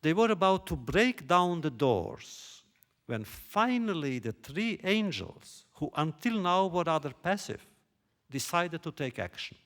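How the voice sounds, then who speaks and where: Slow, questioning male lecturer. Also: fairly high pitch, sing-song, fairly bright tone. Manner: rhetorical questioning, deliberate. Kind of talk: lecture on biblical text. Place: lecture hall stage.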